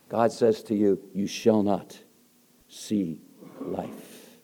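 Older male evangelist, deep mellow tone, dramatic loud-to-soft delivery. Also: steady tone, drawn-out words, creaky. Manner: emphatic, swings between loud emphasis and soft hushed storytelling. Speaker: preacher. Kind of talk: evangelistic sermon.

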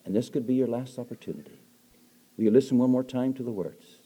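An older man preaching an evangelistic sermon, swinging from loud emphatic lines to soft hushed storytelling. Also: medium pitch, fast talker, husky.

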